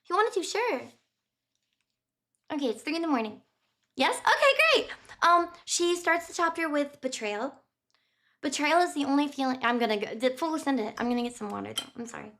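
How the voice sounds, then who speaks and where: A woman's voice: high-pitched, fairly quick, fairly bright tone. A woman streamer casually retelling a novel chapter, rambling with lots of fillers, giggling and apologizing. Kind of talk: casual chatty book retelling.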